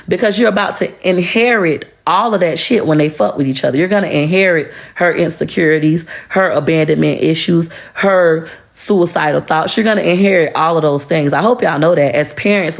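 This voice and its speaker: A social media personality with a deep, creaky voice delivers a ranting monologue straight to camera. She is blunt, profane and confrontational, lecturing her listeners emphatically.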